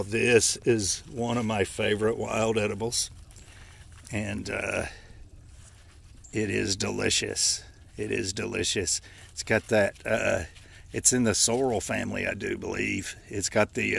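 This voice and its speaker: Man, husky fry-heavy voice, a bit breathless, folksy rambling forager outdoors. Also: lowish voice, a bit bright, slight background noise. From Appalachia, United States. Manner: folksy, rambling, corrects himself. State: out of breath, stuffy nose. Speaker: forager showing wild edibles. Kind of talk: casual walking vlog. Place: outdoors in a yard.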